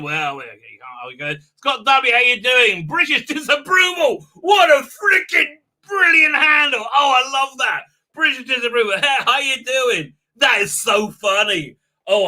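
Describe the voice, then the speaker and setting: Excitable guy rambling on a live stream, high voice that jumps all over, really bright and sharp. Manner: rambling, excitable, laughs often. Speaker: livestream host; rabbi. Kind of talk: casual live-stream chat reading viewer comments.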